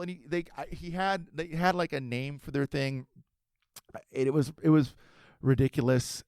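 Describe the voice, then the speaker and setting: A man in his forties from Southern California tells a story at a rapid clip, swearing freely. His pitch jumps around as he talks. The recording is dry and close. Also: dry recording. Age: 40s. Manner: animated, profane, quick-talking. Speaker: podcast host. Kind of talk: casual storytelling.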